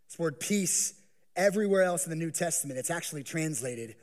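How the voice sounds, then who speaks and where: Dynamic high-voiced male preacher. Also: a little fast. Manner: dynamic preaching, swinging from hushed to loud acted pleas. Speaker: pastor. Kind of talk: sermon.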